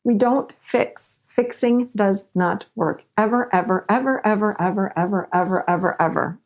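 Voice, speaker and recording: A woman's voice: mid-range voice, normal speed. A woman coaching listeners on relationships in an earnest teaching monologue, repeating points for emphasis and acting out sample dialogues.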